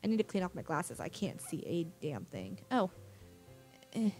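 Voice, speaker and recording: A woman's voice: on the low side, very animated, normal speed, a little mellow, faint music behind. Rambling woman gaming commentator. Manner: rambling, thinking aloud, trailing off. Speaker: gamer. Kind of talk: casual let's-play commentary.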